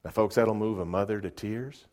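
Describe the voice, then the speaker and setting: A middle-aged man preaching a sermon, often repeating words as he starts sentences and moving between soft asides and loud emphatic peaks. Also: lowish voice, moderate pace. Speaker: pastor.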